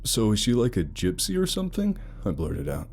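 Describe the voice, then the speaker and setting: Deep-voiced male horror story narrator. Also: wildly swooping pitch, brisk, a little mellow, slightly rough. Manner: wry, sarcastic storytelling.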